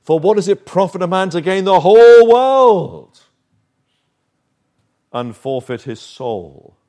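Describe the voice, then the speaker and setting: A man's voice: high-pitched, expressive, dark tone. Earnest, emphatic male preacher. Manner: earnest, emphatic, with dramatic pauses and shifts of volume. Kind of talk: sermon.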